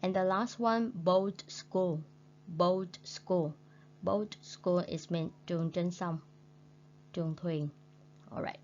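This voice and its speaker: Slow, patient Vietnamese-accented woman teacher. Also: fairly low pitch, fairly even intonation, a little mellow. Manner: slow, patient, repeats words for learners. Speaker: English teacher. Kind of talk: recorded classroom lesson. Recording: dull lo-fi recording with faint hum.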